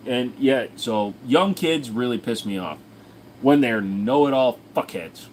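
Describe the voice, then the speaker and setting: Brief: male livestream host, crude and jokey, very lively pitch, faint room hum behind. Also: a little slow. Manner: crude, jokey, slips into silly voices. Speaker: livestream host answering chat. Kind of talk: casual livestream chat. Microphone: desk microphone.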